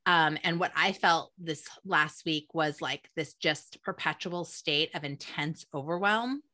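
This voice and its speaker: Bright-voiced woman, chatty podcast co-host. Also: deep voice, a little slow. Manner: chatty, emotional, laughs often. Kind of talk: casual chat.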